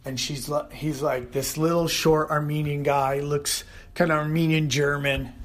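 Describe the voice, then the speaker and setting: A man hosting his own podcast rants through a funny story in a voice that sits a bit high. He talks fast and with energy, and he breaks into loud yelling when he quotes the people in his story. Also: flat delivery. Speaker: podcast host. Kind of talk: comedic solo rant.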